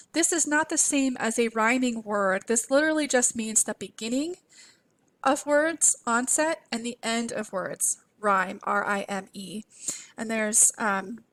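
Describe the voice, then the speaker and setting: A woman instructor giving a recorded lecture over slides, a clear and encouraging teacher who models letter sounds aloud. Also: on the high side, a bit bright. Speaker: literacy instructor.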